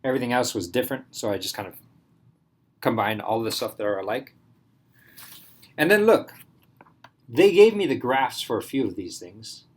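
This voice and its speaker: A man's voice: medium pitch, animated, moderate pace, long pauses. Casual male math teacher thinking aloud. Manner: casual, thinks aloud, asks the class questions. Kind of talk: classroom math lecture.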